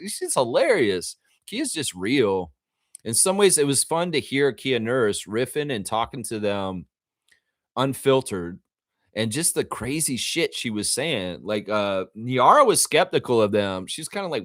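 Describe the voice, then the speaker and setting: Dude doing a live reaction stream, super animated, voice bouncing all over, close dry mic, swears a bit. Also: male voice, medium pitch, measured pace, no echo. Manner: animated, chatty, acts out quotes; casual, swears freely. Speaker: fan channel host.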